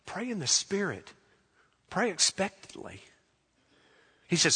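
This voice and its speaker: A man preaching a sermon as pastor in a church, emphatic, with dramatic pauses and a rising and falling delivery. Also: a little high, very animated, pushed and bright, husky, big-room sound. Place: church sanctuary.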